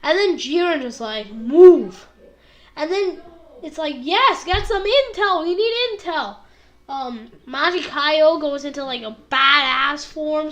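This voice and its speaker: A woman with a high voice recaps an anime episode in a loose, rambling way. She leans on fillers and hops into snippets of dialogue as she goes. The tone is casual and chatty throughout. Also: fairly bright tone. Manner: rambling, full of fillers and quick impressions. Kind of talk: casual video review.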